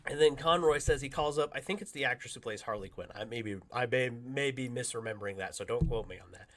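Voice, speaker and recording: A man, co-hosting a casual podcast, telling a story and acting out the quotes with loud bursts and laughter. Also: mid-range voice, fast talker. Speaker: podcast co-host.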